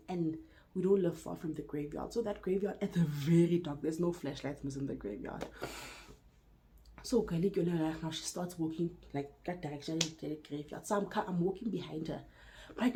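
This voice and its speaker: A woman's voice: on the low side, fairly quick, poor audio. A young South African woman with a South African accent telling a personal story to her viewers, acting out the dialogue and slipping into Sesotho. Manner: animated retelling, acting out dialogue, switching into Sesotho. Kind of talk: storytime vlog.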